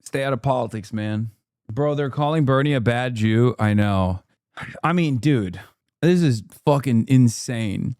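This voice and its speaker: A man's voice: mid-range voice, a little slow, a little mellow, no echo, studio quality. A man streaming political commentary, ranting with profane, incredulous reactions.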